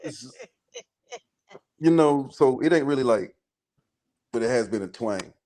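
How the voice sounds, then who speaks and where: A man co-hosting a casual live-stream chat, halting and searching for his words. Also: mid-range voice, expressive, dark tone. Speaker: co-host.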